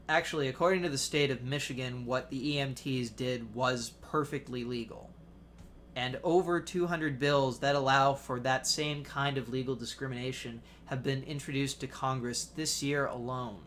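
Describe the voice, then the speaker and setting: A young adult man narrating a personal essay in a measured, wry storytelling manner. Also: mid-range voice, fairly bright tone, a little hiss or hum. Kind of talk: reading a personal essay aloud.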